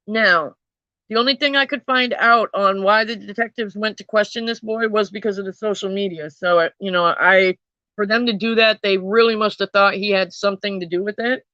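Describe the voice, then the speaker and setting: A woman's voice: mid-range voice, fairly even intonation, brisk, pushed and bright, no echo, dull audio. A woman telling a true crime story in a casual, chatty way, swearing freely and talking to her viewers.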